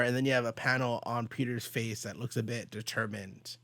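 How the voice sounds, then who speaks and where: Young man, comic podcast host, giggly, quotes characters, mid pitch, dry close sound. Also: measured pace, dry recording. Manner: giggly, animated, recaps with quoted dialogue. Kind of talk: casual chat.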